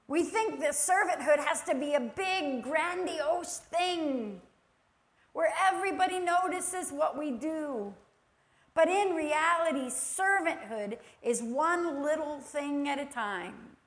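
A woman's voice: sits high, takes it slowly. A woman preaching a sermon who acts out little quoted voices and laughs easily.

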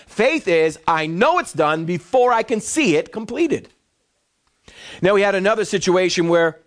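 A male pastor preaching a sermon to his church congregation, acting out the voices of the people in his stories. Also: sits high. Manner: animated storytelling preacher, acts out voices.

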